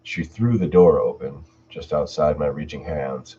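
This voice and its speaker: This channel host has an unhurried bass voice with a dark tone, reading horror stories to his live stream audience and chatting casually between them. A distant mic lends a dull lo-fi sound and slight background noise.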